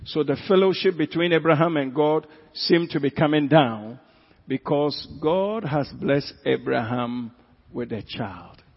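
A man with a Ghanaian accent, a pastor preaching a sermon who swings from quiet asides to loud, drawn-out emphasis. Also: a little high. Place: church hall. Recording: echoey hall, dull lo-fi sound.

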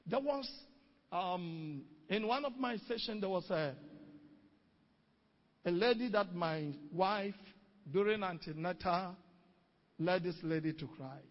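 A male pastor telling a testimony in an animated sermon, recorded dull and distant-sounding in a hall with long echo. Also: high-pitched, slow pace, pauses often. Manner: storytelling, animated, exclaiming.

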